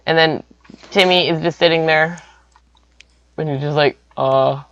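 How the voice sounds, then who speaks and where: A man's voice: fairly high pitch, fairly even intonation, normal speed, a bit bright, dry recording, highs cut off. A young man rambling through an improvised comic story, full of silly sound effects.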